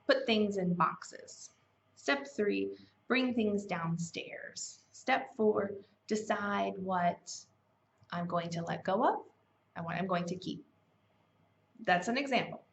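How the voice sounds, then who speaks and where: A woman with a gravelly, medium-pitched voice speaks slowly, with a little hiss or hum audible. She hosts a self-help challenge in a casual, conversational way, using fillers and self-corrections, on a lo-fi recording that sounds slightly dull.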